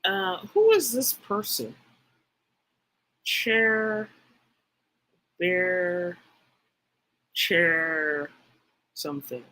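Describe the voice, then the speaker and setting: A woman's voice: on the low side, lively intonation, extremely slow, pauses often, bright, forceful tone, poor audio. A woman giving a livestreamed spiritual teaching talk. She speaks emphatically, repeats phrases for stress and speaks directly to her live chat viewers.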